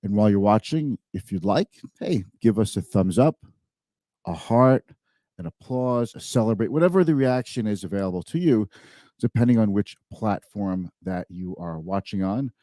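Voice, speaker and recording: A man's voice: fairly low pitch, lively intonation, normal speed, dark tone, no echo, clean studio sound. A man hosting a live-streamed finance talk show, speaking conversationally and emphatically, often repeating words.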